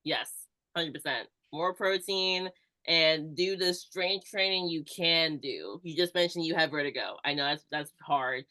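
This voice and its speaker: On a podcast, a woman strength coach explains things steadily in a relaxed, easygoing chat, saying "like" a lot. Her voice is low and a bit slow, with a pushed, bright quality.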